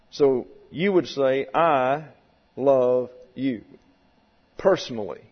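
A male pastor delivers a sermon in a slow, deliberate teaching manner, leaning on key words. His mid-pitched voice rings out with a long reverb, as if filling a large sanctuary. The recording has a muffled, lo-fi quality. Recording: dull lo-fi sound in a long-reverb hall.

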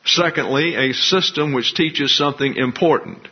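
A male pastor delivering an expository sermon, explaining scripture and its grammar in a deliberate, teacherly way. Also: fairly high pitch, slightly rough. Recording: dull lo-fi recording.

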